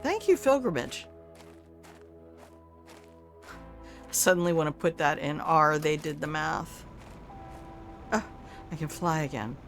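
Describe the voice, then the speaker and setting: Slow, low-voiced older woman streaming games. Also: expressive, soft background music. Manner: chatty, talks to the game, swears casually. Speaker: game streamer. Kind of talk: casual live-stream gameplay commentary.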